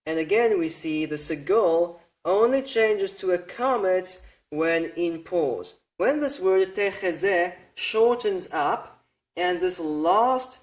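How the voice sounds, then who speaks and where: A man giving a patient, methodical lesson on Hebrew vowel points, repeating the key points as he goes. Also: high-pitched. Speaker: Hebrew grammar teacher. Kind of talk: slow explanatory lecture.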